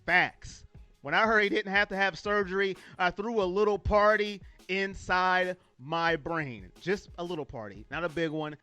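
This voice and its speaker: A man's voice: high voice, moderate pace, bright, forceful tone, clear, resonant tone, no echo, faint music behind. A man from California hosting a sports fan livestream, talking casually and emotionally, laughing easily and greeting viewers as he reads their comments. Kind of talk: casual livestream talk reading chat comments.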